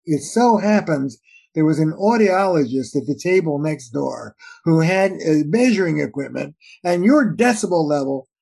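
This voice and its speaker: A man's voice: a little high, moderate pace, creaky, slightly rough, poor audio. A man, a relationship therapist and author, explaining his ideas in conversation and acting out little dialogues. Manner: animated, acts out little dialogues with shifting voices. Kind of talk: conversational interview answers.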